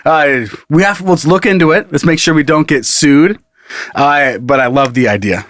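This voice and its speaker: A man's voice: on the high side, moderate pace, a bit bright, dry recording. A man co-hosting a casual comedy podcast, laughing often and swearing casually as he reads out lists. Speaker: podcast co-host.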